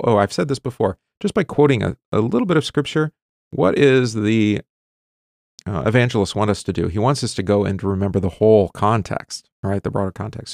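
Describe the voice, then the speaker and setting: Gravelly low-voiced man reading scripture. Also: a little mellow, no room sound, studio quality. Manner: reads scripture with rising emphasis, then explains in loose asides. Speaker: pastor. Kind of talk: bible reading and teaching.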